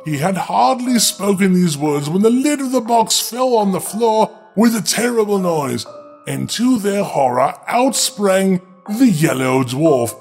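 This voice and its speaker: A man reads a fairy tale aloud for laughs, often stopping for sardonic asides to his listeners. His voice sits high, with faint music playing quietly underneath. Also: lively intonation, measured pace, gravelly. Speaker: storyteller. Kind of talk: comedic fairy tale reading.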